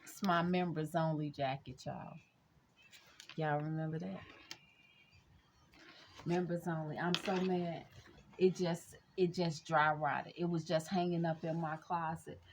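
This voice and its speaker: Chatty woman with a low voice. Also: steady tone, slight background noise. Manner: chatty, rambling, addresses viewers as y'all; slow reflective affirmations. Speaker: spiritual reader and vlogger. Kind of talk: casual spiritual chat vlog.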